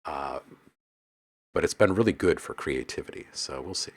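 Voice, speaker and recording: A man's voice: a bass voice, expressive, normal speed, husky. A man hosting a casual live stream about making music, joking with his chat, reading their messages aloud and laughing often. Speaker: livestream host and music producer.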